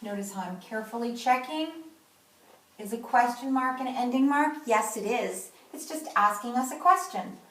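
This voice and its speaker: A woman teaching a kindergarten class remotely, speaking slowly and clearly. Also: fairly high pitch, fairly bright tone, distant mic. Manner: slow, clear, instructive delivery. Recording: echoey room, voice from off-mic.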